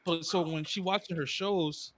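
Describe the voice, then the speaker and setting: A man in casual chat about his daughter, relaxed and slangy. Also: on the high side, normal speed. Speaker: podcast co-host, father.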